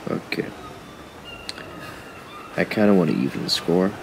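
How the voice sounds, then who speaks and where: A man narrates his own gameplay in an unhurried, very low voice with a gravelly edge. He grumbles at the creatures on screen and talks straight to his viewers. Game music plays clearly behind him. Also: animated, noisy background. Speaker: gaming YouTuber. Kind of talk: casual game commentary.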